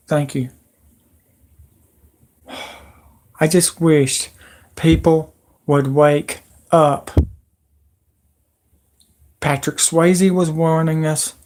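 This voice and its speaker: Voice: mid-range voice, a little mellow. A livestream host giving an agitated, emotional, rambling rant into a computer microphone. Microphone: computer mic.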